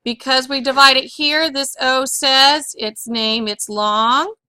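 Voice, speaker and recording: A woman's voice: high voice, steady tone, slow pace, sharp tone, clean tone, no room sound. A woman teaching a phonics lesson on syllables and accents, patiently asking questions and repeating each word for her pupils.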